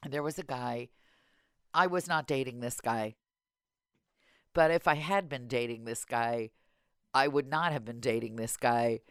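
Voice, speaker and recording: A woman's voice: rumbling low, unhurried, pauses often, smooth, no room sound, studio quality. A woman hosting a podcast in casual chat, telling wry, self-deprecating dating stories. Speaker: podcast host.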